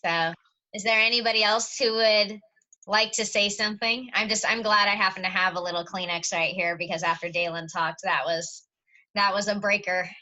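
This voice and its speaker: Bright-voiced teacher on a video call. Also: female voice, medium pitch, fairly even intonation, moderate pace. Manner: friendly, encouraging, light joking. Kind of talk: casual chat.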